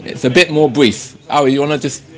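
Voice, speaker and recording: A man teaching a Torah class, reading Hebrew passages slowly and then explaining them in English, with frequent stops and restarts. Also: a little high, steady tone.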